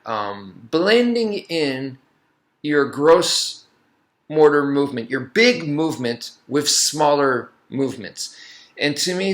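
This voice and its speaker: Martial arts instructor, male, bright tone, loose conversational demo talk. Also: medium pitch. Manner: animated, acts out street confrontations. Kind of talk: casual demonstration talk.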